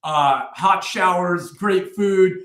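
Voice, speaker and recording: A man in his forties tells war stories as a guest, profane and animated, with a voice pitched a touch higher than most men. He sounds a bit roomy, with echo hanging around his words. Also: slow pace. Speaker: podcast guest, retired army first sergeant. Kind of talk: casual war storytelling.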